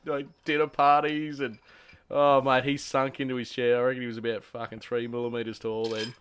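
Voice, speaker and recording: A man's voice: mid-range voice, level tone, brisk, fairly bright tone, clean tone. An Australian man co-hosting a casual podcast chat, telling laid-back, crude stories full of swearing. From Queensland. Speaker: podcast co-host.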